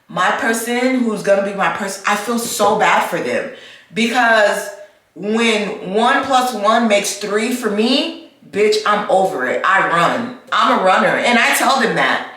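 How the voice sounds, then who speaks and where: Woman, young, casual vlog rant, swears a lot, bright tone, heavy echo. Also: medium pitch, unhurried. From United States. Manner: expressive, swearing, repetitive ranting. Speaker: vlogger. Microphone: camera mic. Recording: very echoey room.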